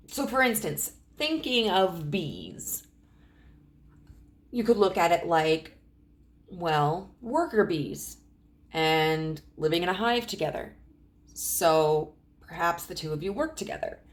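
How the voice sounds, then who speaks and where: A woman in her thirties talks through a tarot spread in a loose, rambling way, leaning on fillers as she goes. Her voice sits low for a woman. It cracks now and then, and she clears her throat often. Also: expressive, takes it slowly, pauses often. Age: 30s. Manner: rambling, many fillers like "you know" and "like". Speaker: tarot reader. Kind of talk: casual pick-a-card tarot reading.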